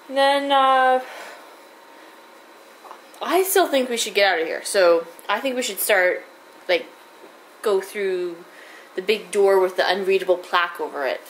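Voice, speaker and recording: A woman recapping a tabletop game session in character, halting and amused, with lots of fillers. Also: mid-range voice, slight background noise, rough recording.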